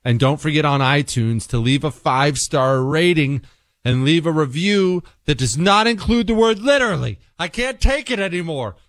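Talk radio host, male, drawl, lively exasperated delivery, dry close mic. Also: on the high side, moderate pace, no room sound. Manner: animated, exasperated, joking. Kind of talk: political talk radio monologue.

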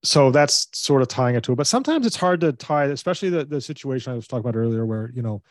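A man, a parenting coach, giving advice as a guest in a relaxed interview, explaining in earnest with quick bursts. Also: medium pitch, no room sound, clean studio sound. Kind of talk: conversational interview.

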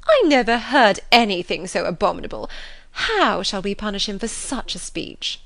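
A woman's voice: medium pitch, lively intonation, moderate pace, creaky, a bit bright, no room sound. A woman doing a haughty arch society lady. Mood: mocking.

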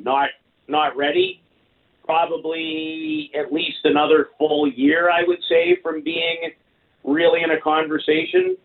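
A man calling in as a hockey color commentator, giving measured, thoughtful sports radio analysis with small restarts. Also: a little high, vocal fry. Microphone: phone. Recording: tinny phone line.

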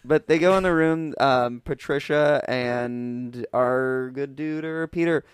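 A man co-hosting a casual comedy podcast, retelling movie scenes in a wry, relaxed way with quoted voices. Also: mid-range voice, slow pace, clean tone, no room sound, studio quality. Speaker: podcast co-host.

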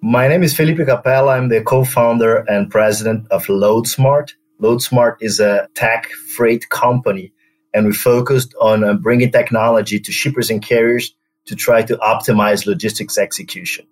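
A man speaking as a guest on a podcast, explaining in a relaxed way with some hesitations. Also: fairly low pitch, moderate pace. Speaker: podcast guest, company co-founder. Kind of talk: conversational podcast interview.

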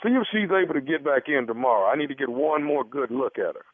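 Casting note: man doing a fumbling, creepy male doctor, lively up-and-down delivery, dry tinny phone line. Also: mid-range voice, quick pace, dry recording, natural voice. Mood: hesitant. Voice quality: hesitant, stammering, many restarts. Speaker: prank caller.

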